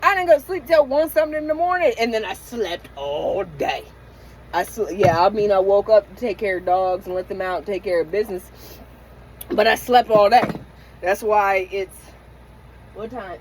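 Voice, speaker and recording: A woman's voice: medium pitch, a little mellow, a little hiss or hum, poor audio. A middle-aged woman in a candid late-night vlog rant from inside her van, venting emotionally and profanely with many restarts. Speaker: van-life vlogger.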